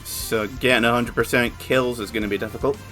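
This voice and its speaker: Co-commentator guy with a bright, sharp voice, wry jokey remarks, faint game music behind. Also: mid-range voice, fairly even intonation, fairly quick. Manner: wry, joking asides. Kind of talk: casual gameplay commentary.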